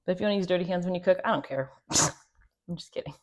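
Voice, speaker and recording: Her voice sits on the low side and a little mellow, and she races along on a lo-fi recording. The homestead host, wearing a clip-on mic, cooks casually in her home kitchen, chatting, joking and laughing at herself.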